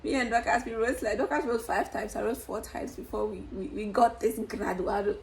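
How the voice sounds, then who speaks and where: A woman's voice: mid-range voice, fairly even intonation, brisk, slight background noise, rough recording. A young woman vlogging to camera in a candid, exuberant way, laughing often and swearing casually.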